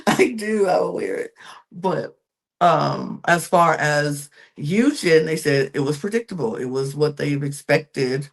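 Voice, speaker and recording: A gossipy podcast co-host talking through a reality-TV recap in a loose, chatty way, with plenty of vocal fry and a gravelly edge. The pitch sits in a middle range. The host trails off into fillers and speaks straight to the viewers. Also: animated, normal speed. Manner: addresses viewers directly.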